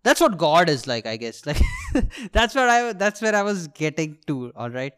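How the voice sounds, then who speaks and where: A young Indian English-accented man hosting his own podcast, spinning a comic story from his student days. His voice is a touch high, smooth and clear, and it leaps wildly up and down as he swears and chuckles through the telling. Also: normal speed. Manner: animated and swearing, laughs at his own jokes. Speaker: podcast host, aspiring stand-up comedian. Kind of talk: comedic storytelling monologue.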